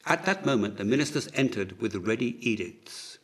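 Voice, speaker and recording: A man narrating an audiobook in a measured, unhurried reading style. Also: lowish voice, slightly rough. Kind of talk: scripted narration.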